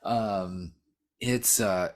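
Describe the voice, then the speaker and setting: A man's voice: on the low side, fairly even intonation, very slow. A man co-hosting a podcast, chatting casually about a horror film, rambling with many fillers, restarts and swear words. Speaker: podcast co-host. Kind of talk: casual movie discussion.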